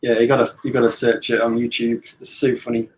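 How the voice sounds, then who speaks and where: A man in a casual football chat, telling stories in a relaxed, chatty way. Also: medium pitch, quick pace, a little hiss or hum. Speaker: guest on a watch-along.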